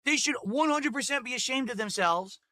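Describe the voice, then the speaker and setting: High, bright-voiced man ranting. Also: lively intonation, fairly quick. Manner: indignant, ranting, repeats himself. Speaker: food review vlogger. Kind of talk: angry food review rant. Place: home desk.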